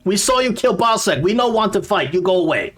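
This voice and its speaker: A jittery little goblin guard yells through a door in clipped, broken grammar, as a man puts him on. The voice sits well above a normal man's pitch and comes out loud and strained. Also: sing-song, fairly quick. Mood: nervous. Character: timid male goblin guard, broken speech.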